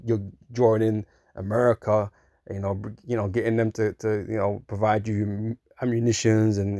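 A man with a low, gravelly voice delivers an informal sermon, speaking as if chatting to a friend and tagging his points with "right?" and "man". He chuckles as he goes and slips into mocking voices. The sound is dry and close, with no room echo. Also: dark tone. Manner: conversational, keeps asking "right?" and saying "man". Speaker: religious commentator. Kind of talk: informal preaching monologue.

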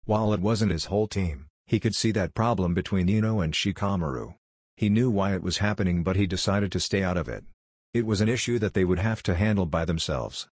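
A man narrating a fan-fiction story in an even, unhurried reading. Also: low-pitched, slightly rough, no echo, studio quality.

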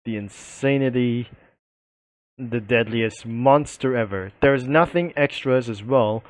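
Guy narrating a game video, slow and halting, reads lists, dry sound. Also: mid-range voice, no room sound. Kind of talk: voice-over commentary on a game.

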